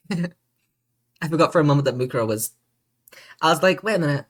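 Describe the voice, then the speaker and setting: A woman streamer giving live gameplay commentary, gushing and excitable, swearing and laughing often. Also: low voice, normal speed.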